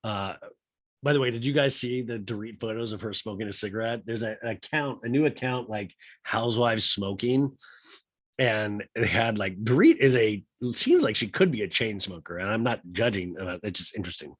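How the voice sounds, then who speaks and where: A man hosting a comedy podcast, recapping a reality TV episode in a loose, swearing, animated way. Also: fairly low pitch, moderate pace, breathy edge, dry recording, studio quality. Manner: animated, swears, slips into mimicking voices. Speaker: podcast host.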